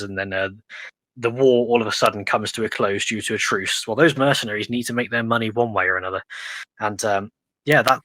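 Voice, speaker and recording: English man, casual podcast explainer, rambling with fillers; lower pitch, crisp dry close sound. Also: bright, forceful tone, no room sound, low-quality recording. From England. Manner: rambling explainer, lots of ums and restarts. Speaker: podcast guest. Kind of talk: casual history chat.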